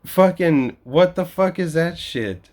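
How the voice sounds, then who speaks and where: A man's voice: on the high side, animated, takes it slowly, darkish tone. A young man in a profane vlog rant, swearing constantly and laughing between complaints. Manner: mimics other people in quoted voices. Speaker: vlogger. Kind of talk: profane ranting monologue.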